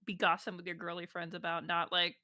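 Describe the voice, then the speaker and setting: A woman co-hosting a commentary stream, teasing and cracking quick jokes. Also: lowish voice, completely flat delivery, pushed and bright, no room sound, clean studio sound. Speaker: stream co-host. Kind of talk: casual commentary.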